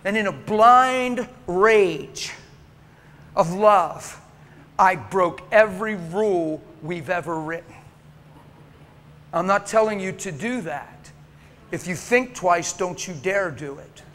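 High voice, man, passionate sermon, hushed then loud, church hall reverb. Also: expressive, takes it slowly, long pauses. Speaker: preacher.

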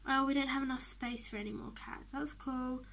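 Brief: high-pitched young woman, gaming vlogger, excitable chatter with whispered asides. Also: normal speed. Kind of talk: casual game commentary.

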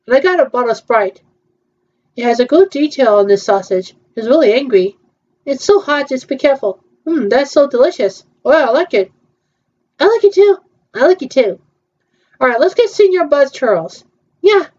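A woman's voice: sits high, animated, normal speed, darkish tone, lo-fi sound. A woman chatting casually through a virtual theme-park tour, hesitant and playful, with frequent ums.

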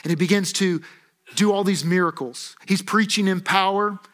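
A male pastor preaching a sermon in a church, animated and acting out the voices he quotes. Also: high voice, normal speed. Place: church auditorium.

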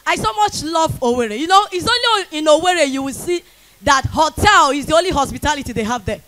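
A young Nigerian woman doing stand-up comedy in Pidgin English, loud and shouting to the crowd in bursts. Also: high voice, expressive, moderate pace. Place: comedy stage before a live audience.

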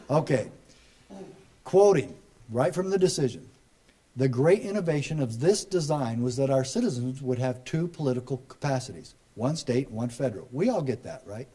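A middle-aged man giving a rally speech, folksy and joking, building to loud emphatic punchlines. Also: medium pitch, expressive, normal speed. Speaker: speaker at a political rally. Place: rally crowd, live address.

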